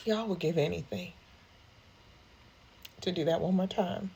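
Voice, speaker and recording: A woman grief counselor with a somewhat low voice shares personal things openly with her listeners. She talks in an emotional, unguarded way and keeps calling them y'all. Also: lively intonation, measured pace, creaky, pauses often, darkish tone, breathy edge. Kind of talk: candid personal talk to viewers.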